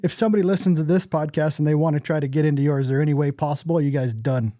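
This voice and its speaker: A man's voice: a little high, fairly even intonation, rapid-fire, dark tone, dry recording, studio quality. A man hosting a podcast, asking his guests questions in an easygoing, casual interview. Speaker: podcast host.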